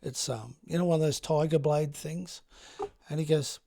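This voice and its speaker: Easygoing Australian man, slightly high voice. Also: fairly even intonation, moderate pace, vocal fry, dark tone. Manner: laid-back, many fillers and restarts, acts out others' lines. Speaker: guest. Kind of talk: casual storytelling chat.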